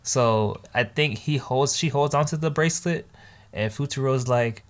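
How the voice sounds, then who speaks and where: A man chatting casually as host of an anime review, animated and slangy, laughing often. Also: medium pitch, normal speed.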